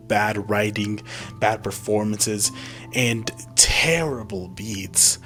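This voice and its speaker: A man's voice: fairly low pitch, a bit bright. A young man giving blunt, self-mocking commentary as a music reviewer in a casual vlog.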